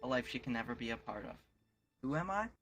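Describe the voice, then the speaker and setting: A man puts on a young lovelorn hero's inner monologue, solemn and heavy with duty. The tone stays bright and clear. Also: mid-range voice, expressive, fast, soft background music. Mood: brooding. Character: young man, lovelorn earnest hero, brooding.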